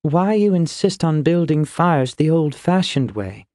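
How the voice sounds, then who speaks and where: A man's voice: a little high, very animated, measured pace, darkish tone, no echo, studio quality, pitched above the performer's own voice. A male narrator voicing a wry, teasing young woman seer in an audiobook.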